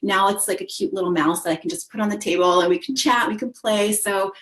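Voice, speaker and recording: A woman's voice: mid-range voice, a little fast, a bit bright. A woman in her thirties, a business co-founder, telling a personal story in a casual panel talk, chatty and laughing often as she acts out quoted lines.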